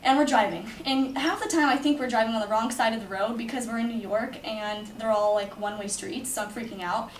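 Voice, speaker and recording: A woman's voice: on the high side, a little fast, hardly any pauses, distant mic. Chatty young woman in an echoey room. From California. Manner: chatty, lots of "like" fillers. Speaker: storyteller. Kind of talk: personal storytelling. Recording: echoey room, speaker away from mic, faint ambience.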